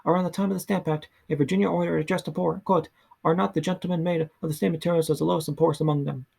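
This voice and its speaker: A man reading a history book aloud in a soft ASMR style, slow and halting, often stumbling and restarting words. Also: fairly high pitch, steady tone, creaky, husky. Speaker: ASMR reader.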